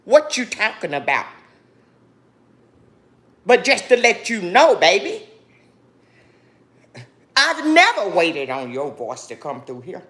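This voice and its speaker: A woman's voice: medium pitch, very animated, takes it slowly, long pauses, a bit bright. A woman speaking straight to her viewers, grieving and angry, defiant and preachy, and calling them "baby" again and again. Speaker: vlogger. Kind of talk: emotional direct-to-camera monologue.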